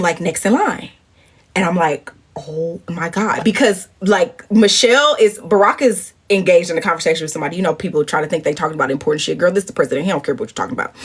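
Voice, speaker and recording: Animated husky-voiced woman telling a story. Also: lowish voice. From St. Louis, USA. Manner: animated, profane, addresses viewers as y'all and girl. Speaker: livestream host. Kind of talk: casual storytelling chat. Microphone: phone at arm's length.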